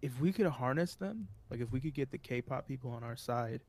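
A man's voice: medium pitch, fairly quick. Male co-host, mid-range voice, joking and provocative, loose casual delivery. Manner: joking, provocative, animated storytelling. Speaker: podcast co-host. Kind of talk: casual chat.

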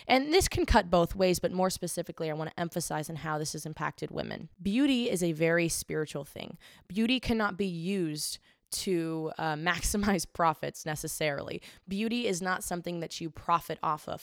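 A woman's voice: lowish voice, dry recording, studio quality. A young woman hosting a talk show, giving an earnest, emphatic monologue that repeats phrases for stress. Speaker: podcast host. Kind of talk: opinionated monologue, then interview.

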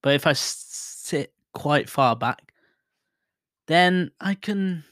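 A man in his thirties rambles through a casual solo podcast from home, self-deprecating and prone to loud bursts of excitement. He sits about a foot back from his mic, and the sound is dry and close, with little room in it. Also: on the high side, slow, no echo. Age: 30s. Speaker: podcast host. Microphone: desk mic set to far mode, about a foot away.

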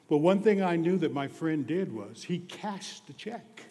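A man delivering a sermon at a slow, deliberate pace, his voice set a little higher than most men's. He sinks to near-whispers on some lines, then swells to loud, emphatic declarations. A long reverb trails each phrase, as in a large hall. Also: lively intonation. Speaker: preacher.

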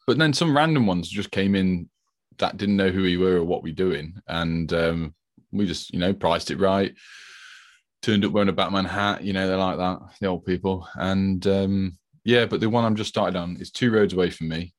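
A man's voice: deep voice, moderate pace, no echo, studio quality. A man, co-host of a podcast, telling rambling stories in casual chat. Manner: chatty, rambling storyteller.

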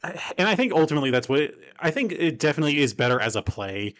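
A man's voice: on the high side, big pitch swings, very fast, a bit bright. A man co-hosting a podcast, chatting casually about films in a rambling way, full of "like" and casual swearing. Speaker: podcast co-host. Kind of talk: casual film discussion.

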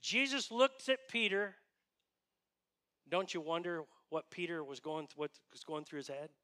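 A man's voice: a little high, moderate pace, sharp tone. A man preaching a sermon as pastor, earnest and emphatic, often asking his listeners rhetorical questions.

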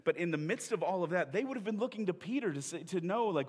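Man preaching in a big reverberant sanctuary, relaxed retelling, acts out the dialogue. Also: high voice, quick pace, few pauses, breathy edge. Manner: conversational storytelling, acting out quoted lines with laughs. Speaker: pastor. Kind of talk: sermon. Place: church sanctuary.

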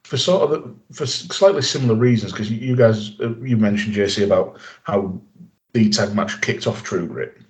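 A man with a lowish voice hosts a wrestling podcast. He is relaxed and jokey, and steers the talk between segments. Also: moderate pace. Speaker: podcast host. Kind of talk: casual podcast chat.

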